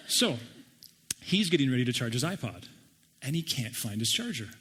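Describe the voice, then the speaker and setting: A middle-aged man preaching a sermon and telling personal stories with animated, self-deprecating humor. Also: medium pitch, moderate pace, slight background noise. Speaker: pastor.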